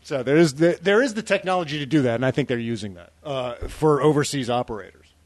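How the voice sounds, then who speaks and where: A man's voice: mid-range voice, expressive, quick pace. A man co-hosting a podcast in casual chat, laughing easily and restarting his sentences with lots of "uh"s. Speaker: podcast co-host.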